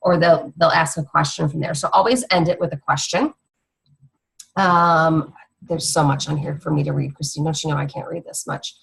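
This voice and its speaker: Gravelly, husky, chatty, rambling, teasing, young woman, casual coaching talk. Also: sits low, moderate pace, rough recording. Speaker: fitness coach.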